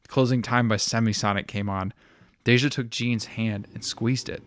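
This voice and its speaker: A man reading a story aloud in a steady, plain narrating style. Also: medium pitch, moderate pace, no echo.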